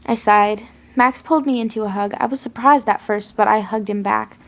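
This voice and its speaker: Creaky-voiced woman reading a dramatic story. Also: medium pitch, steady tone, normal speed, muffled recording. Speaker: story reader.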